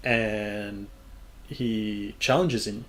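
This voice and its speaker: A man's voice: fairly low pitch, fairly even intonation, very slow, fairly bright tone. A young man hosting a podcast, chatting casually, rambling loosely and swearing freely. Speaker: podcast host. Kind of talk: casual chat.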